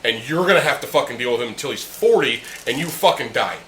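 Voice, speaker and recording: A man's voice: mid-range voice, lively intonation, fast, sharp tone. A young man hosting a casual chat, ranting heatedly and swearing constantly while drinking beer with friends in a room. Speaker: podcast host. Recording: echoey room with faint ambient noise.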